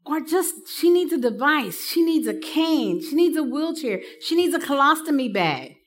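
A woman teaching counselors in a live session has a high voice and a moderate pace. Her storytelling is humorous and animated, and she performs the voices of the people she quotes.

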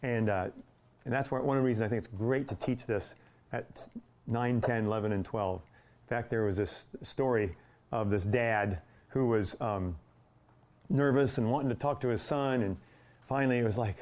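A man's voice: medium pitch, normal speed, a little mellow. A man teaching a church Bible class in a conversational, folksy way, acting out little scenes.

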